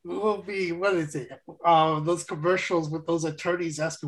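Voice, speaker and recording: A man's voice: fairly high pitch, steady tone, normal speed, low-quality recording. A man co-hosting a podcast in casual chat, rambling and restarting his sentences and laughing often. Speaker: podcast co-host.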